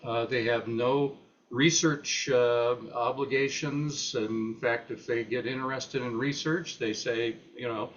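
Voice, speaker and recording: An older retired professor giving an unscripted talk at a meeting, halting and full of fillers and restarts. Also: male voice, mid-range voice, fairly even intonation, fairly bright tone, highs cut off, a little hiss or hum.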